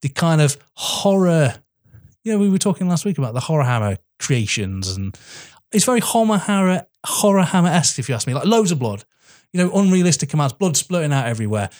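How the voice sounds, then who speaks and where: A man co-hosting a casual film podcast, talking about a horror movie with emphatic, excitable delivery. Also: fairly quick. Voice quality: animated, emphatic, rising pitch when excited. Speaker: podcast co-host. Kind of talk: casual film review chat.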